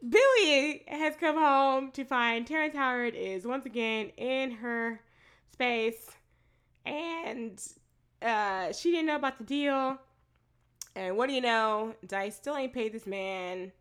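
A woman with a slightly high voice talks through a TV recap on a casual podcast. She tells it in an animated, profane way and drops into quoted asides as she goes. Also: takes it slowly, smooth. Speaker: podcast co-host. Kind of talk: casual chat recapping a TV show.

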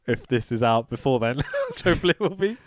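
Brit podcast co-host, animated and high-ish, swears a lot, dry close sound. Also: male voice, fast, dry recording. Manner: excitable, laughs often, swears casually. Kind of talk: casual chat, match recap.

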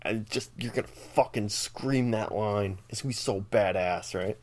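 A swaggering, profane rock producer drawls out his grand studio plan, as a man puts him on. The voice is low and slowed down. It sounds a touch farther from the mic than usual. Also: a little mellow, lightly acted. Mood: scheming. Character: hyped-up male rock music producer.

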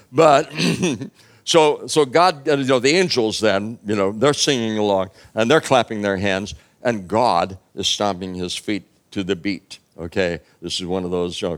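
A man's voice: on the low side, a bit bright. A man preaching a sermon, retelling a story in a casual, humorous way with many fillers.

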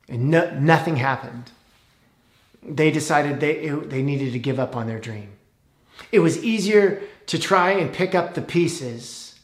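A man's voice: on the high side, reverberant. A man telling a heartfelt story as a pastor giving a sermon, sometimes voicing the people in it.

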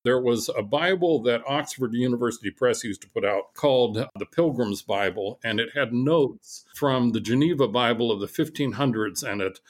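A middle-aged man talking in an interview. He explains and tells stories in a measured, steady way, with a voice of ordinary pitch. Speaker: guest author. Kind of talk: conversational interview.

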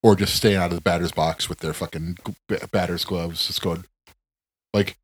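A very low-pitched man rambles through a casual podcast chat. He rants with profane, animated emphasis. The sound is dry and close. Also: moderate pace, slightly rough, no room sound. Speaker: podcast co-host.

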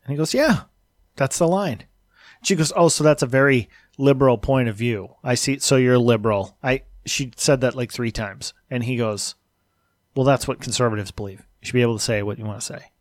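A man in casual podcast chat, retelling a debate in a measured, analytical way and quoting both sides in a level tone. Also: mid-range voice, dry recording, studio quality. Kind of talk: casual chat recounting a video.

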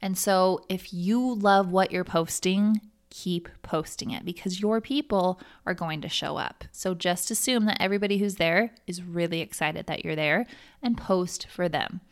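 A woman's voice: lowish voice, moderate pace. A woman hosting a podcast, giving chatty, encouraging motivational coaching with lots of "like". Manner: upbeat, encouraging, chatty with frequent "like". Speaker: podcast host.

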